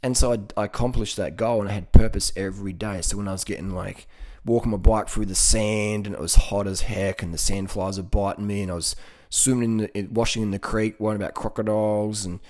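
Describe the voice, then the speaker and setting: A man's voice: fairly low pitch, steady tone, brisk, darkish tone. A man with an Australian accent talking casually and motivationally, often repeating words and laughing. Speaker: vegan cycling advocate.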